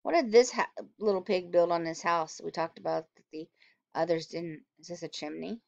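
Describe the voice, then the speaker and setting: A woman teacher reading a storybook aloud to children, expressive and animated, stopping to ask them questions. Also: fairly low pitch, normal speed, creaky, dry recording. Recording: dull, dry lo-fi recording.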